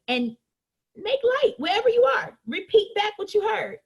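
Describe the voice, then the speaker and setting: A woman giving a sales training talk, speaking to her listeners in a lively, conversational way. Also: extremely high pitch, moderate pace.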